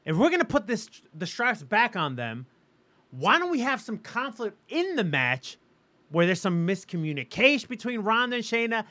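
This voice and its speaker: A man's voice: high voice, very animated, moderate pace, bright, forceful tone. A man co-hosting a casual wrestling podcast, opinionated and emphatic, swearing freely as he rants about booking. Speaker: podcast co-host.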